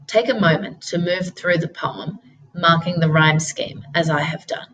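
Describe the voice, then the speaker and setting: Woman reading out lesson notes, lowish voice, slow and steady. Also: muffled recording, a little hiss or hum. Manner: slow, deliberate instructional delivery. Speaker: teacher. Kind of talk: scripted lesson narration.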